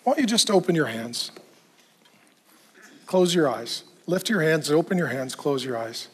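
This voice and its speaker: A man preaching a sermon, telling a story with earnest emotion and dropping soft at the key moments. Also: on the high side, animated, normal speed, breathy edge. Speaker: pastor.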